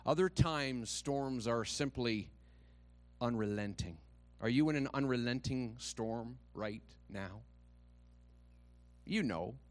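A man's voice: mid-range voice, slow pace, dry recording. A male pastor preaching a sermon in a conversational, dramatic storytelling manner with touches of humor.

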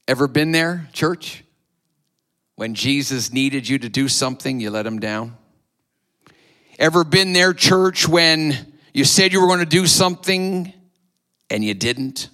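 A man's voice: on the high side, animated, measured pace, pauses often, bright, forceful tone. A man preaching a sermon to his church, retelling a story dramatically and acting out the voices. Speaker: pastor.

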